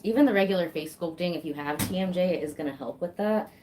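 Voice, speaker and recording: A woman's voice: lowish voice, fast talker, darkish tone, slight background noise. A woman practitioner chatting casually while she gives a face sculpting massage, swearing easily and laughing.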